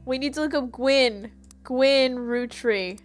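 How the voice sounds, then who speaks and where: Faint music plays behind a woman streaming a detective game, who speaks slowly in a high voice. She chats with viewers, giggles, and reads the game text aloud in casual let's-play commentary.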